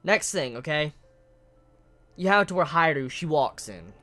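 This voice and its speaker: A manga reviewer giving a casual, emotional spoken chapter analysis, excitable and swearing often. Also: mid-range voice, moderate pace, soft background music.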